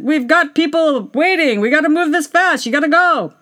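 A woman voicing frantic event handlers who rush people along with urgent, rapid-fire orders. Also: high voice, fairly bright tone, voice pushed up. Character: frantic, pushy event handlers hurrying a line.

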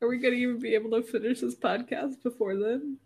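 A young woman co-hosting a casual podcast, giggly and flustered, laughing often between slow, rambling remarks. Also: a little high, fairly even intonation, gravelly, a little mellow, breathy edge. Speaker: podcast co-host.

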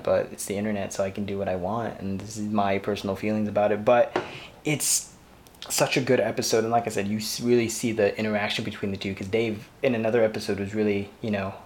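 A man's voice: lowish voice, slight background noise. A man hosting a podcast, talking through a TV show in a rambling, gushing, heartfelt way. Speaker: podcast host. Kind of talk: casual solo TV review.

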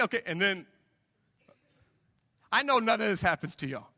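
A man's voice: high-pitched, very animated, normal speed, long pauses, bright, forceful tone, big-room sound. A man, preaching a conversational sermon and acting out dialogue from his own stories. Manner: conversational, self-deprecating storytelling with acted-out dialogue. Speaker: pastor.

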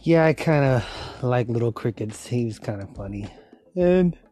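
Casting: drowsy male podcast host, mellow low-key tone, rambling chat. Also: lively intonation, a little slow, soft background music. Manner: rambling, thinking aloud. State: sleepy, yawning. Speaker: host of a voiceover show.

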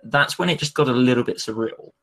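A man's voice: mid-range voice, fairly quick, a bit bright. A man hosting a casual podcast discussion, asking his co-host questions in a conversational, slightly hesitant way. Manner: conversational interviewer, poses questions, hesitant with ums.

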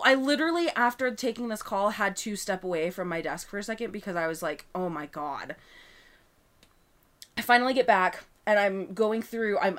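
Woman co-host, casual podcast chat, lively storyteller acting out both sides of a call, medium pitch. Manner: animated retelling of a customer service call, acting out both sides.

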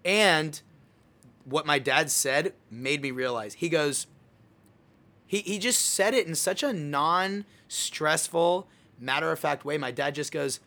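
A young man hosting a casual chat, telling a story in an animated way and acting out his own words. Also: fairly high pitch, slow pace. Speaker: podcast host.

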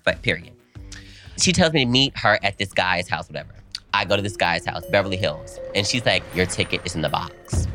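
Young man, podcast co-host, animated storytelling, bright voice, faint music behind. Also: gravelly. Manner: animated, dramatic retelling with big pitch jumps when quoting. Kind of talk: casual storytelling chat.

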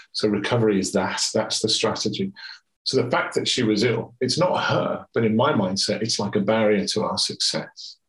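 A middle-aged man, a swim coach and father, telling a candid story in a conversational interview. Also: fairly low pitch. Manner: candid, animated, reflective storyteller. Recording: roomy echo.

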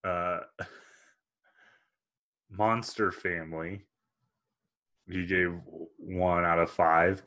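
A man's voice: low voice, fairly even intonation, extremely slow, pauses often, bright, forceful tone. A man co-hosting a podcast, reading movie reviews aloud in casual chat and laughing often. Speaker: podcast co-host.

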